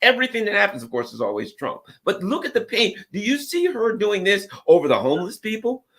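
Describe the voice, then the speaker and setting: Animated, sarcastic man commentator. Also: high-pitched, a little fast. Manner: sarcastic, mocking, acts out politicians in quoted voices. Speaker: political commentator guest.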